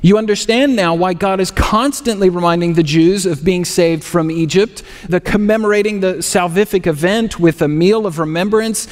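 High-voiced preaching man in a reverberant hall. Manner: earnest preaching with dry sarcasm. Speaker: pastor. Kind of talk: sermon.

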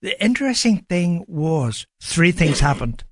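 A man's voice: fairly high pitch, sing-song, measured pace, slightly rough, no echo, clean studio sound. A man with an Irish accent, a guest on a radio show, telling a story with lots of "you know" fillers. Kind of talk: radio studio interview.

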